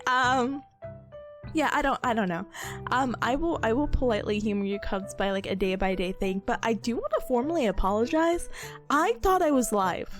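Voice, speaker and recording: A woman streamer chatting casually, her voice a little sick and hoarse, animated and laughing often. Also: on the high side. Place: small rented room indoors. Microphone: streaming setup with headphones on.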